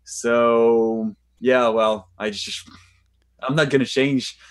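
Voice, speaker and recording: A man's voice: mid-range voice, fairly even intonation, takes it slowly. A man with a French accent, a guest actor in an interview, thinking aloud and searching for words over a video call. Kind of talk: casual interview talk.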